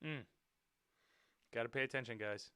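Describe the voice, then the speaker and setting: A man hosting his own show, reacting to dash cam videos with loud swearing outbursts and quiet muttered asides. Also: mid-range voice, moderate pace, clear, resonant tone, dry recording, studio quality. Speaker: podcast host.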